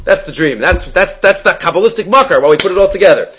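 A man giving a Talmud class, explaining quickly and with energy, mixing in Hebrew and Aramaic terms. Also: high voice, lively intonation, a bit bright, dull audio, soft background music. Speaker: Talmud teacher.

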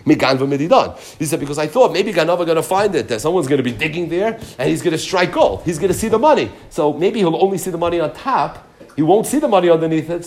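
A man giving a Talmud class, reading each line of the text, then translating it and retelling it with animated emphasis. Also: on the high side. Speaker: Talmud teacher.

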